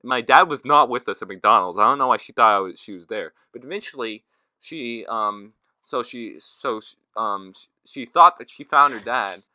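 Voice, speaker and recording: A young man co-hosting a podcast, telling a story in casual chat and acting out quotes loudly. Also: mid-range voice, moderate pace, no echo. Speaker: podcast co-host.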